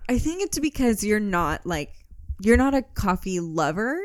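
A young woman co-hosting a podcast, chatting in a giggly, lively way. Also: medium pitch, moderate pace. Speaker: podcast co-host. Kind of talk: casual chat.

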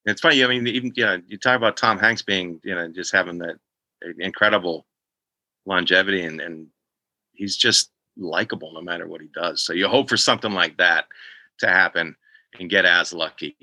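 An older man from Boston telling stories in a casual chat, animated and slipping into voices as he recounts events. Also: sits low, brisk, no room sound, low-quality recording. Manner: animated storyteller, slips into voices. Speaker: podcast guest.

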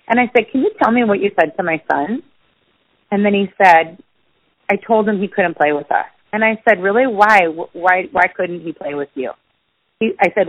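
A woman telling a personal story in conversation as a guest, vividly acting out the voices of others. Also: dry recording. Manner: animated, acts out quoted dialogue with big pitch jumps. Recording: dull lo-fi dry sound.

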